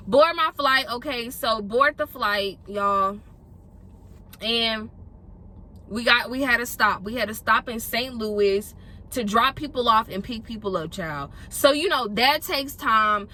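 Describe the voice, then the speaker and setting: Young woman, from Houston, casual vlog storytelling, bright tone. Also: on the high side, moderate pace. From Houston, Texas. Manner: animated, acts out other people's lines in quoted voices. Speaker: vlogger.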